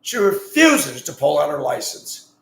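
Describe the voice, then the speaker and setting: This man drives a school bus, and his voice is a little high, sing-song, somewhat slow, and gravelly. He rambles bluntly through his opinions, getting heated and loud, in a room full of echo.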